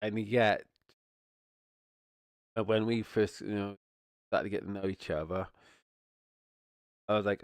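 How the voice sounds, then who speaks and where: A man talks in a low voice, ranting loosely to his viewers in a casual stream. He rambles, swears, and keeps breaking off to restart his sentences. The sound is dry and close, with no room echo. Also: fairly even intonation, measured pace, long pauses, clear, resonant tone. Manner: rambling, swears, stumbles and restarts, repeats "you know what I mean".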